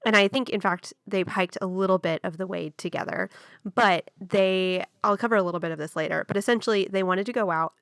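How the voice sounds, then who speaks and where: A woman's voice: medium pitch, brisk, fairly bright tone, smooth, no room sound, studio quality. A young woman casually telling a true story on a podcast, chatty and full of fillers.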